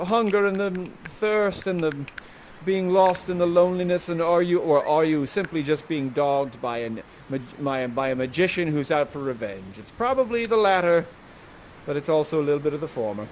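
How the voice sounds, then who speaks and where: Joking guy leading the crowd through a live show, high voice. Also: normal speed, a little mellow, slight background noise. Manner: playful, joking, theatrical. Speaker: actor guiding the audience. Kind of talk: live immersive theatre narration.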